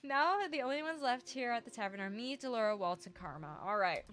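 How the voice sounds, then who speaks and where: A woman hosting a let's play, reading a visual novel's narration and lines aloud and chatting with a friend, animated with dry sarcastic asides. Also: on the high side, a little fast. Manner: animated, laughs often, breaks into dry sarcasm.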